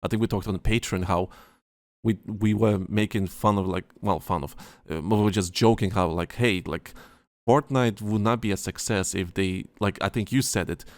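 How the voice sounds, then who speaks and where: A man with a fairly low voice co-hosts a casual podcast, talking in a loose, rambling way full of fillers and false starts. The sound is dry and close, with no room behind him. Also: no room sound. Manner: rambling, halting, lots of fillers and restarts. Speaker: podcast co-host. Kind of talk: casual chat.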